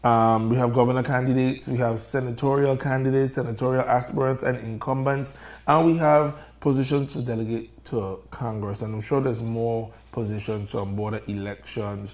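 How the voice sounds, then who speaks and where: A man's voice: mid-range voice, steady tone, moderate pace, a little mellow. A man, hosting a live morning show and speaking directly to his listeners, loosely and with a few fillers.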